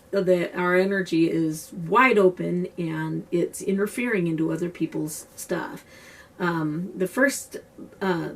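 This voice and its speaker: Recorded from a distance, her lowish, slightly rough voice carries a casual, earnest explanation of being an empath. Talking to camera, this self-described empath teaches a technique in a conversational way, often restarting her sentences loosely.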